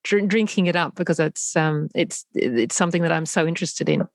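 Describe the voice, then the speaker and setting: A woman interviewer on a video call, asking questions with hesitant, stumbling restarts. Her voice is fairly low. The sound is close and dry. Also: lively intonation, brisk, dry recording. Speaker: interviewer, host.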